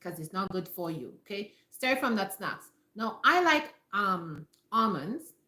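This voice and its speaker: A woman's voice: medium pitch, very animated, a little slow, sharp tone. A woman hosting a casual live-stream health talk from home, speaking emphatically and repeating her points as she addresses viewers directly. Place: home room. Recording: echoey room.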